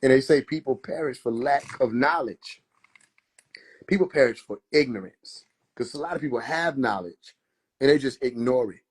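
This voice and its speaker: A man talking casually on a phone livestream, animated and profane, laughing often and slipping into mock biblical voices. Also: mid-range voice, moderate pace, slightly rough. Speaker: livestream host.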